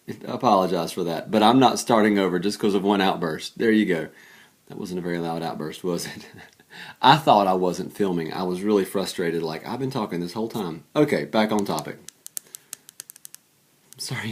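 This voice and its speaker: Tired low-voiced man teaching math. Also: normal speed. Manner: chatty, thinks aloud while solving, self-deprecating. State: tired, late at night. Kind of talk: casual worked-example math lesson.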